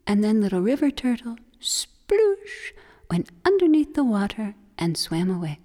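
A woman storyteller telling a folk tale for children, expressive, slipping into breathy whispers. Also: medium pitch, a little fast. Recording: long hall reverb.

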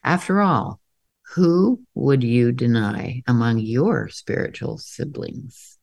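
A woman co-hosting a podcast who reads a poem aloud in a measured, thoughtful way. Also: rumbling low, gravelly, darkish tone. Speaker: podcast co-host.

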